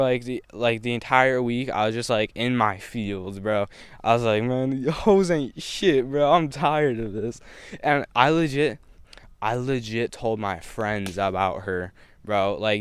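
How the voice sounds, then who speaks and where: A man's voice: mid-range voice, smooth, dry recording. A young man vlogging a casual storytime, slangy and laid-back, laughing between lines.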